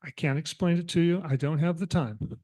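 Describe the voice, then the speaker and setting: A man's voice: on the high side, normal speed, darkish tone, close to an everyday voice. Man voicing a stern, impatient cat on a quest. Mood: dismissive. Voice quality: brusque, impatient. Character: serious driven male cat on a quest.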